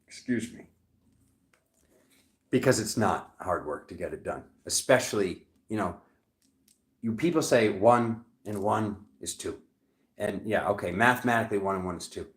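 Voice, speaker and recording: A man's voice: lowish voice, lively intonation, normal speed, pauses often, reverberant. A man giving a live tarot reading who gets fired up and rants, repeating himself and breaking off mid-sentence. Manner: heated, ranting, talks over himself. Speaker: tarot reader.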